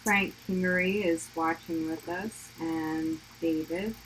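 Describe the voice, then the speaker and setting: A woman with a very low voice chats loosely, with frequent "like" fillers. She co-hosts a livestream and greets viewers. A faint hum sits behind her. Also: fairly even intonation, slow pace. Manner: chatty, fills with "like" often. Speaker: livestream co-host. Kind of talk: casual chat.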